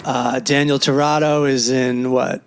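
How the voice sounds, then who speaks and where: A man co-hosting a casual comedy podcast, chatty and quick to swear and laugh. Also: mid-range voice, flat delivery, faint music behind. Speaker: podcast co-host; stand-up comedian. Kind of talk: casual chat.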